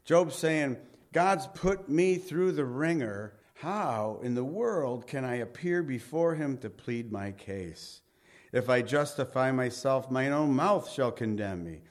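Male Bible teacher, mid-range voice, lively conversational sermon delivery with quiet, low closing lines. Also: slow. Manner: animated, reads scripture aloud then paraphrases it conversationally.

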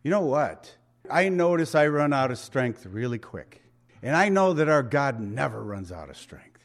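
A man's voice: medium pitch, very animated, moderate pace. A man preaching a sermon in a conversational, emphatic way, asking the congregation rhetorical questions. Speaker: pastor.

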